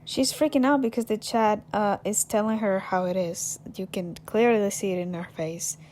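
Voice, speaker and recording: A woman's voice: medium pitch, normal speed, darkish tone, slight background noise. A woman commenting bluntly and scolding the streamer.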